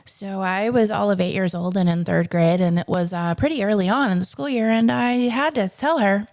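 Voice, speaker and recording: Gravelly-voiced woman educator telling stories. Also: medium pitch, moderate pace, few pauses, a little mellow, dry recording, clean studio sound. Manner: chatty, earnest, asides to listeners. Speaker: podcast host and educator. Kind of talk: storytelling podcast monologue.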